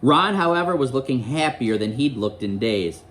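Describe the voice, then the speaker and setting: A man's voice: medium pitch, animated, moderate pace, fairly bright tone, a little hiss or hum. A male teacher reading a novel aloud to his class, quizzing students and explaining the story in a classroom.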